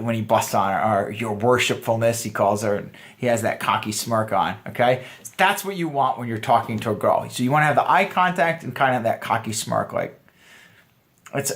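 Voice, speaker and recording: A man's voice: medium pitch, fairly bright tone. Joking, chatty young male dating coach. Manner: chatty, joking, full of fillers. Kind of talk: casual video lesson.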